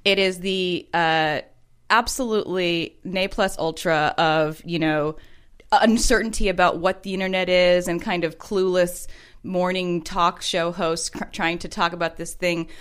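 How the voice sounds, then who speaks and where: A woman's voice: fairly low pitch, steady tone, unhurried, clear, resonant tone. A woman co-hosting a casual chat show about commercials, explaining at length in a thoughtful, wordy way. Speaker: podcast co-host.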